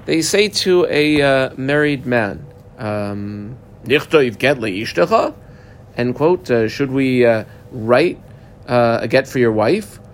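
A man's voice: mid-range voice, animated, slow pace, slight background noise. A man teaching a Talmud class, translating phrases and explaining them step by step in a casual way with many fillers.

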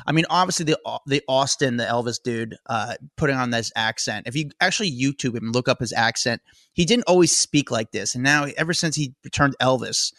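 A man's voice: mid-range voice, brisk, fairly bright tone, no echo, studio quality. A man co-hosting a casual chat show, talking in an opinionated, exasperated way. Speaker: co-host.

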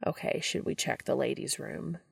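A woman voicing a formal, literal-minded male angel in a fan fiction reading, speaking stiffly and slowly. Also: deep voice, steady tone, creaky, slightly rough, no room sound, studio quality, full character voice.

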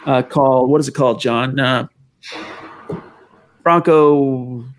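A man's voice: mid-range voice, steady tone, slow. A man co-hosting a casual sports talk livestream, chatting and reading out fan messages. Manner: chatty, answers fan questions, reads chat aloud. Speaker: podcast co-host.

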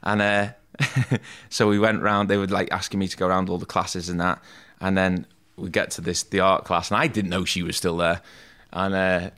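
A man's voice: deep voice, flat delivery, normal speed, a bit bright, clean tone. A man, a tattoo artist, telling stories from his school days in a casual podcast interview, often saying "mate" and "like". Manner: chatty, self-deprecating, says "mate" and "like" a lot.

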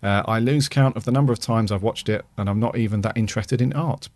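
Low-voiced podcast host reading reviews. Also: male voice, fast talker, no echo. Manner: relaxed, reads aloud with fillers. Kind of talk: casual podcast chat, reading listener reviews.

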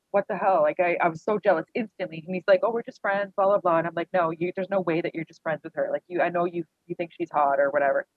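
A woman's voice: lowish voice, slightly rough, no echo. Candid woman guest, rambling storyteller, thin phone-line audio. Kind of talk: personal storytelling interview. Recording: dry tinny phone-like line.

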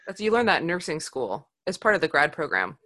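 A woman's voice: low voice, big pitch swings, brisk, sharp tone. A woman co-hosting a casual podcast, teasing playfully. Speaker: podcast co-host. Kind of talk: casual chat.

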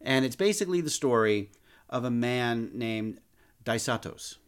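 Dude cohosting a movie podcast, dry jokey humor, middle pitch. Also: male voice, lively intonation, a little slow, clear, resonant tone. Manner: wry, playful humor. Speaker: podcast co-host. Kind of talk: casual film review chat.

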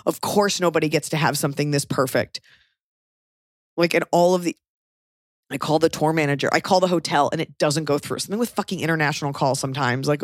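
A woman's voice: sits low, lively intonation, brisk, no echo, clean studio sound. Rambling, sweary woman telling a story. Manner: rambling, filler-heavy, sweary. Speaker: podcast host. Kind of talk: casual storytelling.

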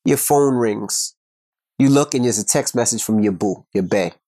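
A man's voice: lowish voice, moderate pace, warm tone. A man co-hosting a casual couple's podcast, telling stories in a laid-back, joking way. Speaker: podcast co-host.

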